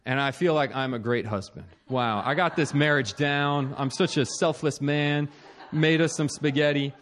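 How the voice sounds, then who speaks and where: A young man with a slightly higher voice tells a personal story about married life. He pokes fun at himself, stumbles over his words and restarts a lot, and keeps the telling lively. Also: normal speed, slight background noise. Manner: animated, self-mocking, many restarts and laughs. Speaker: speaker sharing a marriage story.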